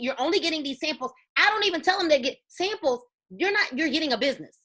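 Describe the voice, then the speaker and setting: Woman, high bright voice, preachy sales-team pep talk with lots of emphasis. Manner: emphatic, preachy, storytelling with quoted dialogue. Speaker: network marketing team leader.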